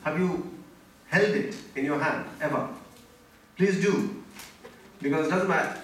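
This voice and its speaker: A man's voice: on the high side, normal speed, a bit bright, slight background noise. A middle-aged man, a doctor teaching a medical class and quizzing the audience with pointed questions. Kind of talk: interactive medical lecture. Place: lecture hall. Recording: very echoey hall from far off.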